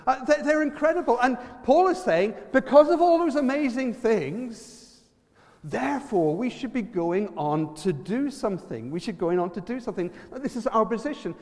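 A man with an Irish accent preaching a lively sermon, quizzing the congregation and using props. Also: very high voice, long reverb tail.

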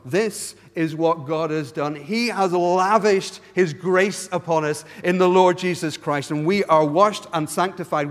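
A man's voice: a little high, big-room sound. A man preaching a sermon in a church, pleading earnestly with his listeners and often restarting his words. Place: church hall.

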